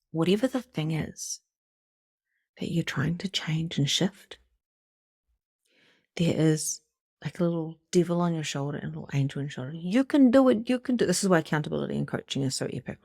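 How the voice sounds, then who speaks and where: A middle-aged woman giving an animated, casual motivational talk as a spiritual coach, swearing freely and acting out inner voices. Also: sits low, gravelly, slightly rough, dry recording, studio quality. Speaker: psychic medium and spiritual coach.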